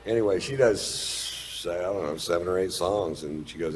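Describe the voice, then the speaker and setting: A man's voice: sits low, moderate pace, noisy background. A man telling a long stand-up story in a laid-back, profane, drawling way. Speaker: stand-up comedian. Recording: played stand-up clip.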